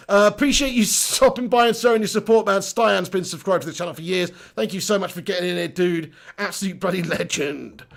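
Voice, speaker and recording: A man's voice: sits high, a little fast, gravelly, few pauses. A man hosting a live stream, chatting casually and joking while reading out viewer comments. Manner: jokey, reads out chat messages.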